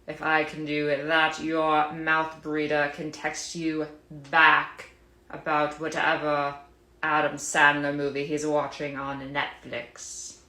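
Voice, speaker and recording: A woman's voice: deep voice, monotone, slow, sharp tone, echoey room, heavily acted. A woman playing a brooding, sardonic Slytherin man, speaking with dry disdain. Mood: bitter.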